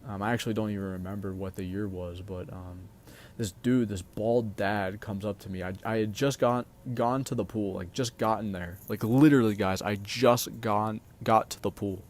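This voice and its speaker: A man's voice: on the low side, steady tone, normal speed. A young man vlogging a casual storytime monologue, rambling with lots of filler words and swearing.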